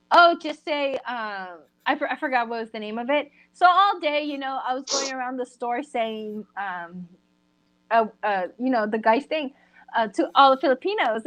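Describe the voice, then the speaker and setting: A woman co-hosting a casual podcast chat, telling an animated story and acting out the voices of the people in it. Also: high voice, no room sound. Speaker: podcast co-host.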